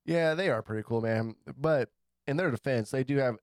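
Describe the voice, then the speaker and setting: A man's voice: medium pitch, moderate pace, no room sound, studio quality. A man co-hosting a casual podcast over beers, joking, laughing easily, and tossing in apologetic asides. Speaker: podcast co-host.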